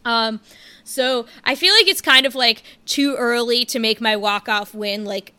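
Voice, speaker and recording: A woman's voice: a little high, unhurried, sharp tone, clean tone. A young woman co-hosting a casual podcast chat, talking loosely with many fillers and easy laughs. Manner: chatty, lots of fillers, laughs often. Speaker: podcast co-host.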